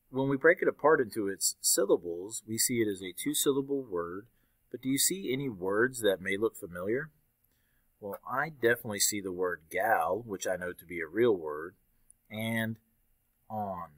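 A man's voice: on the low side, fairly bright tone, no room sound. A young man teaching a recorded fourth-grade lesson, upbeat and patiently explaining step by step.

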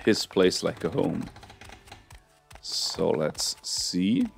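A man's voice: low voice, lively intonation, extremely slow, creaky, slight background noise. A man hosting a let's-play, chatting casually about what he is doing in the game, rambling and joking at his own expense, on a headset mic. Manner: rambling, chatty, self-mocking. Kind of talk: casual gameplay commentary.

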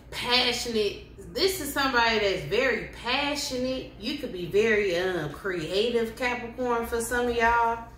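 Slow-talking woman doing a tarot reading. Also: medium pitch, a bit bright. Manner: slow, repetitive, affirming, speaks directly to viewers. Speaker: tarot reader. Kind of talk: casual tarot reading to camera. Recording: roomy home recording with faint hiss.

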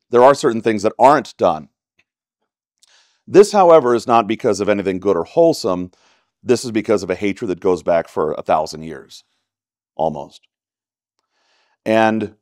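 A man's voice: lowish voice, a little mellow, dry recording, studio quality. A man with a Texan accent teaching a church Bible study in a conversational way, often checking in with "right?". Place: church classroom.

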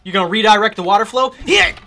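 A man playing a video game and commenting live, excitable and loud, trash-talking enemies and swearing when scared. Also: sits high, fast talker, vocal fry. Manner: trash-talks enemies in a playful street tone. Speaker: gaming YouTuber. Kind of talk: let's play commentary.

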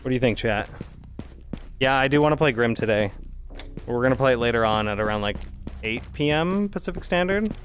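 A male streamer talks his audience through a run in an easy, middle-pitched voice, thinking aloud as he goes. Faint music plays behind him. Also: expressive, a little fast, pauses often, a bit bright. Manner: chatty, thinking aloud while playing. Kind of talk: live gameplay commentary to chat.

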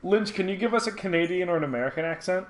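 A man's voice: high-pitched, rapid-fire. Playful, teasing young-sounding man. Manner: teasing, playful, yelps when excited. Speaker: podcast co-host. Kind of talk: casual gaming chat.

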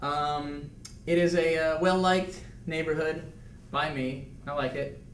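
On a video call from a conference room, a man who manages quality control stumbles through an awkward, improvised introduction of himself, stammering and laughing nervously. His voice runs on the high side, slow and a bit bright, with fairly even intonation. The recording is distant and echoey, with a little hiss or hum.

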